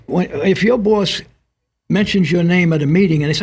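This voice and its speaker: A man's voice: high-pitched, moderate pace, a little mellow, slightly rough. An older man, a retired police instructor, talking thoughtfully on a studio panel and drawing lessons from stories. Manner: reflective, drawing lessons from anecdotes. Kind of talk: panel discussion on community TV.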